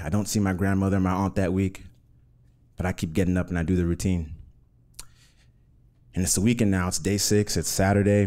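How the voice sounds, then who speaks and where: Earnest man with a low, mellow voice. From Uganda. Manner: earnest, measured, vivid present-tense telling. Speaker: storyteller. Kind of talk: live personal storytelling.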